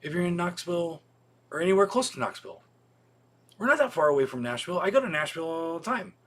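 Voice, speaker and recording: A man chats casually on a livestream. He rambles and restarts, swears often, and fills his pauses with ums. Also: fairly high pitch, expressive, a bit bright. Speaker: video store owner hosting a weekly livestream.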